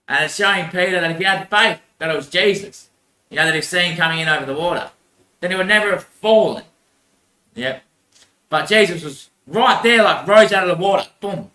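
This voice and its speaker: A young man rambles through a crude, meandering monologue about faith, laughing often. His voice sits high with a very bright edge. The room around him is echoey. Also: fairly quick. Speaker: vlogger.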